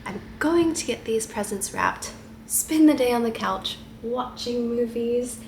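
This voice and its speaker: A woman with a head cold and a stuffy voice, chatting softly and casually to camera at home. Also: on the high side, lively intonation, a little slow, slight background noise. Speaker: vlogger.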